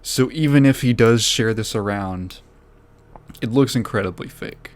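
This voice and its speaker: A man's voice: mid-range voice, a little slow. A man hosting a podcast, telling a story in a rambling, self-deprecating way, laughing often and swearing. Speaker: podcast host. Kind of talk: casual storytelling.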